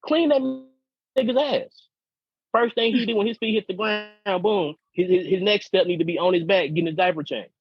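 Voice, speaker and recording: Husky man telling crude stories. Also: sits high, steady tone, fairly quick, few pauses, dry recording. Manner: profane, repetitive storytelling. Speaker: podcast co-host. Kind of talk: casual podcast chat. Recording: dull lo-fi podcast audio.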